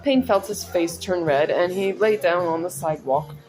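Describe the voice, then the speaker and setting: A woman with a fairly low voice reads her own story aloud, over clear background music. She reads casually and chats in between, stepping out of the story for little personal asides. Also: moderate pace. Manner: chatty, breaks off into personal asides and laughs at her own stumbles.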